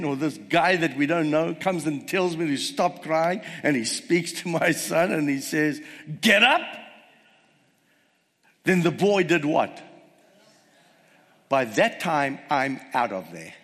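A man delivers a sermon in a slightly high, very animated voice, taking his time over each phrase. He retells the story and keeps asking the congregation rhetorical questions. His voice carries a long reverb, as if recorded in a large hall. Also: measured pace. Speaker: preacher.

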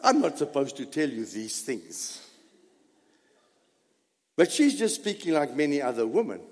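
A man preaches to his congregation, his high voice leaping up and down as he exhorts them. He speaks slowly and deliberately. The sound carries a long reverb from the church hall. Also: big pitch swings, a little mellow. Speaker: pastor. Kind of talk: sermon. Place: church sanctuary.

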